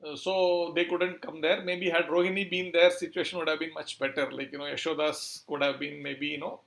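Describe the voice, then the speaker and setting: Male preacher, fairly high voice, halting delivery with many fillers. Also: flat delivery, vocal fry, fairly bright tone. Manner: hesitant, many fillers, searching for words. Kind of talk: scripture storytelling talk.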